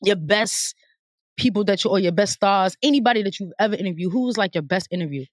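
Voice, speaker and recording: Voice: mid-range voice, no room sound, studio quality. Encouraging podcast host. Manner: encouraging, lots of quick affirmations. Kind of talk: casual interview.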